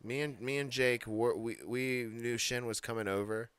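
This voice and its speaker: A man co-hosting a casual wrestling podcast chat, excitable and joking as he rambles. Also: mid-range voice, moderate pace, smooth, dry recording. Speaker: podcast co-host.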